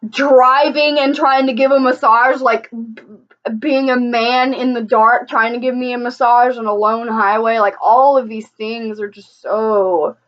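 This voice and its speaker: A woman's voice: fairly high pitch, highs cut off. A woman giving casual reaction commentary in a blunt, heated, profane way, often restarting her sentences. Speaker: vlogger reacting to a video.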